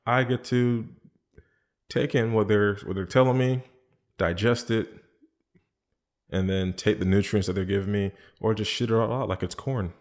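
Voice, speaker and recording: A man talking as a podcast guest in casual chat, telling animated stories and acting out other people's lines. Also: on the low side, moderate pace, long pauses. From Caribbean island family background.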